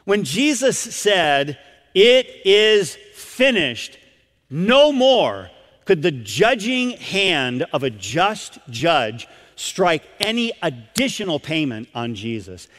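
A male pastor delivers his sermon slowly and emphatically, his high voice rising and falling widely. He stops often for effect and puts questions to the congregation. The sound carries a long reverb from the church sanctuary. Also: big pitch swings, a bit bright. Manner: emphatic preaching with dramatic pauses, asks the congregation questions.

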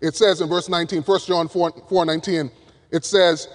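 Guy preaching a sermon, pretty high voice, gets loud then goes real quiet, big echoey church hall. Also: steady tone, moderate pace. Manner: emphatic, swings from loud to hushed. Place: church pulpit. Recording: long reverb of a large hall.

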